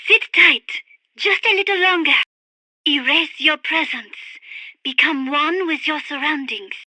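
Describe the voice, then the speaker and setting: An actress voicing a refined, dreamy young French woman birdwatcher in game radio calls, with a French accent and a breathy manner. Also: high voice, measured pace, bright, forceful tone, no room sound, heavily acted. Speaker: radio support character.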